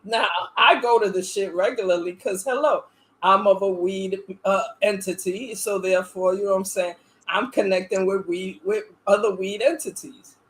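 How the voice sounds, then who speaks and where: A woman's voice: mid-range voice, fairly even intonation, moderate pace. A woman podcast host telling a story in casual, profane chat, animatedly acting out the other people in it.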